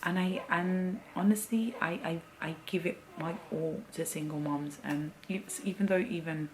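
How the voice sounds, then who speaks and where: In a candid, heartfelt vlog, a young woman rambles about life after having a baby, growing teary and emotional. Her voice is on the low side at a moderate pace, and the poor audio carries a little hiss or hum.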